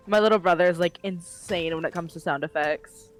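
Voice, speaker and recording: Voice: medium pitch, a little fast. Young adult gamer telling chatty stories. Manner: chatty storytelling with many likes. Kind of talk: casual gaming chat.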